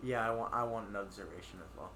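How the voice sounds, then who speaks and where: A man's voice: lowish voice, fast talker, sharp tone. A man playing a tabletop game, joking and playful. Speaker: player.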